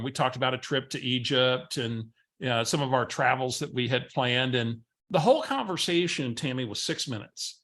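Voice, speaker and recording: A man's voice: medium pitch, expressive, normal speed, few pauses, fairly bright tone. A man presenting a coaching webinar as host, telling stories energetically with frequent filler sounds. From San Antonio area, Texas.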